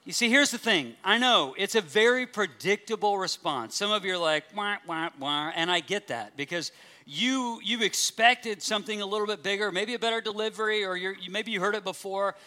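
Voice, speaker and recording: A man's voice: sits high, fairly quick, bright, forceful tone. A man preaching a sermon in a joking, conversational way, acting out the audience's reactions. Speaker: pastor.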